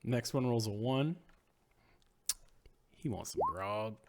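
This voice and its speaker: A man running a tabletop game as game master, animated and laughing often while he rules on the players' rolls. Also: medium pitch, takes it slowly, noisy background. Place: home streaming setup.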